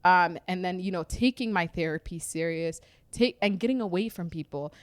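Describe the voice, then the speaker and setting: A woman's voice: lowish voice, normal speed, smooth, no echo. A woman, a podcast guest, telling her personal story in a reflective, conversational way with frequent fillers.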